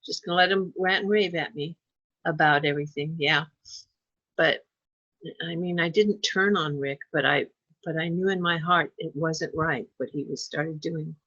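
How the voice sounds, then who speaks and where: A woman's voice: low-pitched, moderate pace, no echo. Woman chatting, telling a story, quotes people with little voices, dry dull audio. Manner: chatty, animated when quoting people. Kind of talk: casual storytelling chat.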